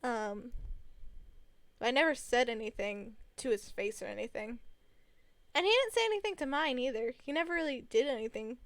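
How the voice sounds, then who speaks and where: A woman's voice: a little high, animated, normal speed, no room sound. A young adult woman in casual storytime narration, chatty and rambling with many fillers.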